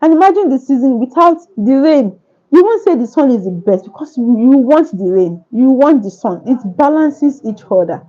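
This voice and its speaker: A woman's voice: high-pitched, very animated, moderate pace, dark tone, lo-fi sound. A woman author answering questions at a book launch, speaking earnestly with repetitive, preacher-like phrasing.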